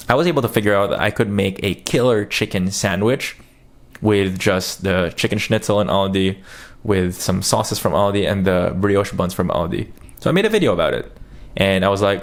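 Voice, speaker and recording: A man from the Philippines with an American accent, telling stories in a casual vlog and acting out the quotes. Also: on the low side. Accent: American English. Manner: chatty storytelling, acts out quotes. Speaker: YouTuber.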